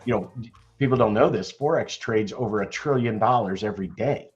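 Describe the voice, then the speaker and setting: An older man chatting loudly and cheerfully on an online call about trading, laughing often. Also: on the low side, a little fast, lo-fi sound. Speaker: stock trading chat member. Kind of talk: casual chat.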